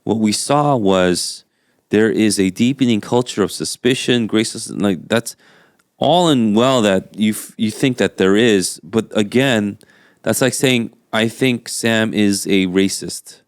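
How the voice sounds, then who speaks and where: A man's voice: fairly low pitch, unhurried, no room sound, clean studio sound. An American-born man co-hosting a podcast, talking in an emphatic, conversational way and telling stories to make his point. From United States. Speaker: podcast co-host. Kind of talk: casual opinionated discussion.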